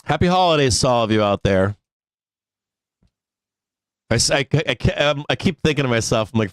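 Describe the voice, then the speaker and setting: A man's voice: medium pitch, a little fast, long pauses, smooth, dry recording. A man hosting a live stock trading stream, chatting casually, swearing a lot and laughing often. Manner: profane, laughs often, rants. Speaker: stock market livestream host. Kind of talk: casual profane livestream chat.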